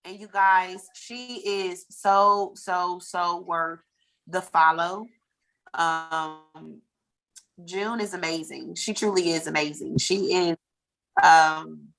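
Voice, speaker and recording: Bright-voiced, gushing woman hosting on a video call. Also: on the low side, poor audio. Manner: effusive, gushing, laughs often. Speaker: open mic host. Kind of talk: casual chat on a video call.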